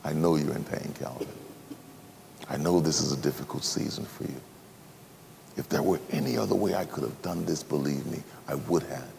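A man voicing a gentle, sorrowful Jesus who softly comforts a suffering believer, partly in a whisper. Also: sits low, expressive, big-room sound, a little hiss or hum. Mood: consoling. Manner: soft, slow, consoling. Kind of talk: sermon role-play.

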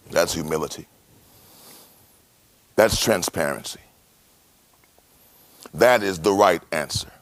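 A man's voice: fairly high pitch, dry recording. A man preaching a sermon as pastor, dramatic, with rhetorical questions.

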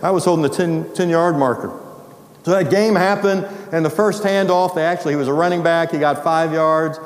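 A male teacher from the US Midwest telling an animated personal story and acting out the dialogue. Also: a little high. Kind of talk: storytelling testimony. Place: large hall. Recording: echoey hall reverb.

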